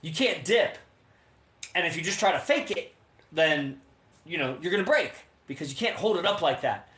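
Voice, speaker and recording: A man's voice: a little high, animated, normal speed, fairly bright tone, a little hiss or hum. Rambling profane man in a roomy space. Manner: rambling and profane, lots of fillers. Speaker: podcast co-host. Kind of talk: casual livestream monologue. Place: home in Las Vegas. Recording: roomy echo.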